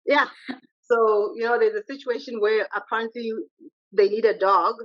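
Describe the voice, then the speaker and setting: A woman's voice: on the high side, fairly even intonation, normal speed. A woman guest in casual conversation, a mother talking assertively and chattily about raising her kids. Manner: chatty, assertive, quotes her kids' exchanges. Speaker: podcast guest, mother of three. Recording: muffled lo-fi recording.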